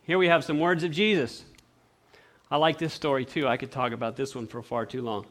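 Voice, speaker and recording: A man preaching a sermon, animated and acting out the voices of the people he quotes. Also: mid-range voice, fairly quick. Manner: clears throat often.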